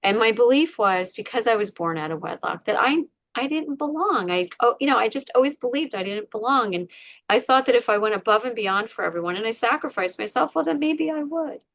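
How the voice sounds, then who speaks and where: A woman's voice: fairly high pitch, animated, a little fast, a bit bright, no room sound. A woman, a podcast guest, candidly retelling a painful personal story with many fillers. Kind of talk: emotional personal story in an interview.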